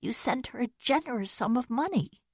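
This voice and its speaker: A woman voicing a kindly, motherly hotel keeper in an audiobook, gentle, soothing and encouraging. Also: a little high, lively intonation, moderate pace, breathy edge, dry recording, studio quality, pitched above the performer's own voice. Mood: comforting. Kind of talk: audiobook character reading.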